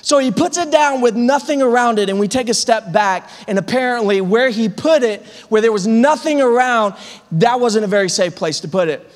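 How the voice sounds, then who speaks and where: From the pulpit, a male pastor with a high voice tells a funny story animatedly, stumbling over repeated words. He speaks at normal speed in this storytelling sermon, and a long reverb echoes through the church sanctuary.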